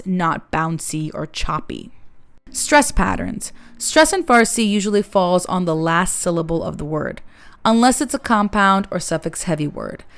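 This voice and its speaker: A woman giving a calm, measured lesson as an accent coach, explaining sounds step by step. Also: on the low side, clear, resonant tone.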